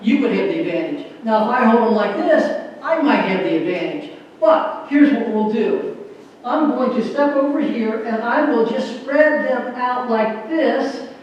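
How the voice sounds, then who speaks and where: A man's voice: very high voice, animated, unhurried, highs cut off, a little hiss or hum. A man giving an earnest, folksy stage talk with a magic trick, joking with a church audience. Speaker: magician and motivational speaker. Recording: echoey hall from far off.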